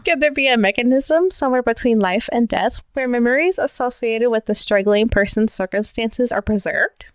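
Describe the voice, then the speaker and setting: A woman's voice: on the high side, normal speed, no room sound. A woman co-hosting a podcast, reading stories aloud and laughing often between them. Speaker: podcast co-host. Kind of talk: reading stories, casual chat.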